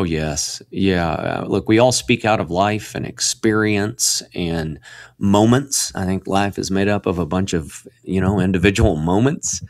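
A man speaking as a guest in a Christian radio interview, earnest and preacherly, often restarting and repeating words, and rising to emphatic peaks when he gets excited. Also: lowish voice, no echo, clean studio sound.

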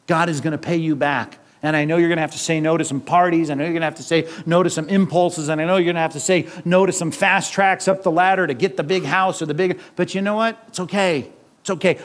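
A middle-aged man preaching a sermon as pastor, animated, asking the congregation questions and acting out quotes. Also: fairly high pitch, fast.

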